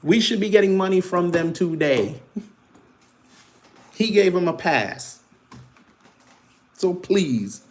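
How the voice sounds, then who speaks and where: A man's voice: high voice, expressive, slow, long pauses. A man hosting a live stream, teasing and taunting his chat with casual banter and frequent laughs.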